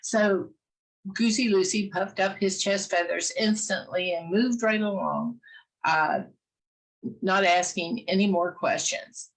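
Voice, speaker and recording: A woman shares a childhood fairy tale in a gentle, casual telling, with frequent "uh" pauses between phrases. Her pace is very slow and unhurried, and her pitch sits in a middle range. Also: low-quality recording. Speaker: storyteller. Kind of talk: casual storytelling, reading a fairy tale aloud.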